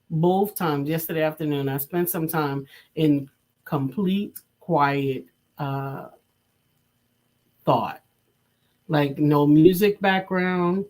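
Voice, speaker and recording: A woman co-hosting a live coaching talk show in a casual, reflective way. She reads viewer comments aloud and muses on them. Her pace is unhurried. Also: sits low. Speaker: co-host reading viewer comments. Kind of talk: casual live-stream chat.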